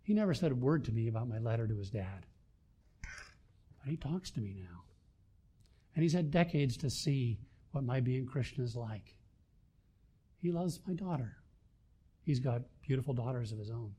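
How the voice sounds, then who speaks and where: An older man preaching a sermon, swinging between loud emphasis and quiet asides. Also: mid-range voice, lively intonation, moderate pace, pauses often, slightly rough. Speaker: pastor.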